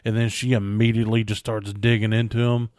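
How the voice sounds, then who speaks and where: A man co-hosting a podcast in casual chat, calmly recapping what he saw. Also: on the low side, fairly quick, no room sound, studio quality. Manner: relaxed retelling of an interview. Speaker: podcast co-host.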